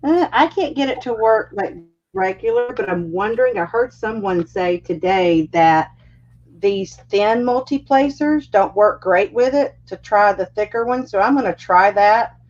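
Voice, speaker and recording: A woman's voice: medium pitch, a little slow, lo-fi sound. A middle-aged woman chatting as a guest on a livestream, telling family stories and acting out what people say. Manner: animated storyteller, acts out family quotes. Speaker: guest craft creator. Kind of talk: casual livestream chat.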